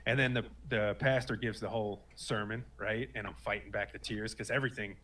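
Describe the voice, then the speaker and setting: A man's voice: fairly low pitch, fairly even intonation, brisk, pushed and bright. A man in his late thirties telling a personal story in an earnest, rambling way, full of fillers and restarts. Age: 30s. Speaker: guest sharing a personal story. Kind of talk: casual spoken testimony.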